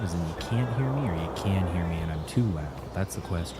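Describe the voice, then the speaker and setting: A man's voice: deep voice, animated, a little fast, hardly any pauses, heavy background noise. A man hosting a live gaming stream from home, chatting casually and greeting viewers by name at a close desk mic. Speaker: gaming livestream host. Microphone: desk mic, moved close. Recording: music playing under the voice.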